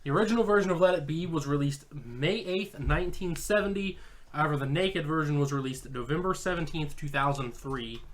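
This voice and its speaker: A man co-hosting a casual podcast, reading his notes on an album and joking with friends while chewing an apple. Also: fairly high pitch. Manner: joking, profane, reads notes quickly. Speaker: podcast co-host. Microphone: home podcast mic, eating apple.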